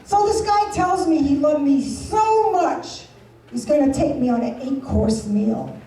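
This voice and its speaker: Brash high-voiced woman comic. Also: expressive, a little slow, dark tone. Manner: bawdy, brash, chatty with the audience. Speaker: stand-up comedian. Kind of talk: stand-up comedy set. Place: resort event room, live show. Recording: echoey venue from far off, with audience.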